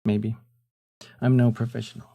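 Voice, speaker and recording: A young man chatting casually on a live stream, with a deep, husky morning voice and a laid-back way of talking, often trailing off with fillers. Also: level tone, normal speed, warm tone.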